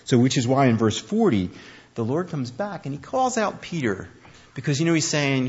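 A man preaching a conversational sermon, telling the story with animated, acted-out speech. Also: medium pitch, normal speed, breathy edge. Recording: dull lo-fi recording.

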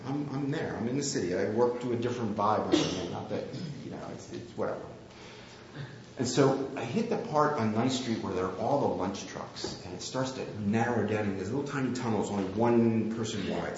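A man's voice: mid-range voice, a little hiss or hum. A man preaching a sermon, telling a candid, self-deprecating story about himself. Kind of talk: sermon with personal anecdote. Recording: very echoey, slightly dull room recording.

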